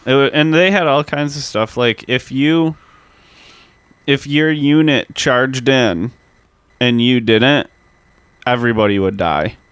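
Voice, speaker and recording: A man co-hosting a history podcast, talking in a loose, profane, rambling way. His voice is smooth and resonant, and the recording is dry and close to the mic. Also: mid-range voice, slow, pauses often, fairly bright tone, no echo. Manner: loose, profane, storytelling with many "like" fillers. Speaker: podcast co-host. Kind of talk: casual podcast chat.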